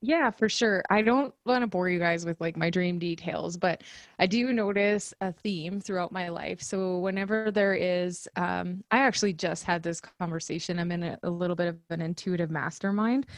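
A woman's voice: fairly low pitch, no echo. A woman co-hosting a podcast, telling a story in casual chat and laughing often. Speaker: podcast co-host.

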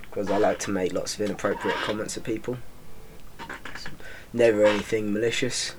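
A young man hosting a podcast, rambling in a deadpan, self-mocking way and swearing freely. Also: fairly low pitch. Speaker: podcast host. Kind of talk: rambling comic monologue.

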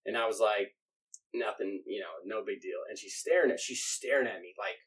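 A man casually telling a story on a chat show, laid-back and swearing, laughing often and quoting others flatly. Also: fairly low pitch, a little fast, slightly rough, poor audio. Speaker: podcast co-host telling a story.

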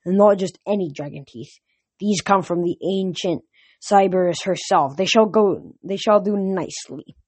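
Someone doing a snappy villain general in a home-read audiobook, shouting orders at his guards and sneering at everyone around him. his voice sits raised and forceful above the reader's own, and the sound is dry and close with no room around it. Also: medium pitch, moderate pace, no room sound, lightly acted. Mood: gloating. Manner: barking orders, scornful. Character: irritable, commanding male general, villainous.

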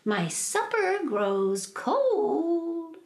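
A greedy, wicked old storybook witch, as a woman reading aloud puts her on, coaxing one moment and impatiently demanding the next. The voice swings widely up and down, drawn out slowly. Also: very high-pitched, sing-song, pitched above the performer's own voice, heavily acted. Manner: wheedling, then menacing and demanding.

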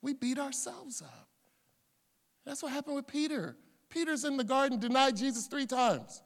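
A middle-aged male pastor preaching a sermon, dropping to hushed asides and rising to loud shouts. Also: very high voice, expressive, normal speed, vocal fry. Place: church sanctuary. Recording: long church hall reverb.

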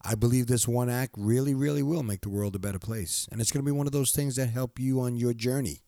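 Speaking fast into a close studio mic, a middle-aged podcaster delivers a casual, rambling solo monologue, heartfelt and full of fillers and false starts. His pitch is medium and his tone dark, and the studio-quality sound has no echo.

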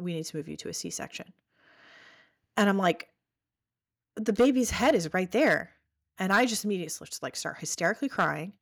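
A woman in her thirties telling a personal story as a podcast guest, animated, acting out what people said. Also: on the low side. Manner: animated storytelling, acts out quoted voices.

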